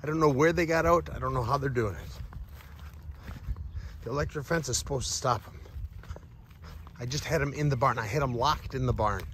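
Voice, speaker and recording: A man walking around his farm and new food truck, chatting excitedly and then muttering quietly to himself. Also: medium pitch, a little fast, long pauses, slight background noise. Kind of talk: casual walk-around vlog. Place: outdoors on a farm with animals.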